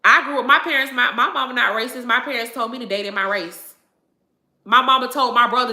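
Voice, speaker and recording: Fairly quick and emphatic, a livestream host chats casually with her viewers, repeating phrases and laughing a lot. Her voice is bright, forceful and a little high, and the room around her echoes.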